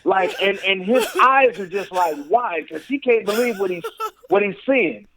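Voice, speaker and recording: A man with a high-pitched voice co-hosts a casual podcast. He tells stories with animated energy, acts out the voices and crowd chants, and fills his sentences with "like" and "all of a sudden.". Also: moderate pace, low-quality recording. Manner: frequent "and then all of a sudden" and "like" fillers. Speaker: podcast co-host. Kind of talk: casual chat.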